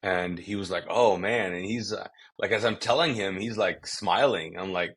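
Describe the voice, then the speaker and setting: A man's voice: sits low, moderate pace, fairly bright tone, breathy edge. A man from Kuwait, a pastor guest on a podcast, telling his story vividly and often restarting his sentences. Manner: vivid storytelling with acted-out quotes and frequent restarts. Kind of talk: conversational testimony storytelling.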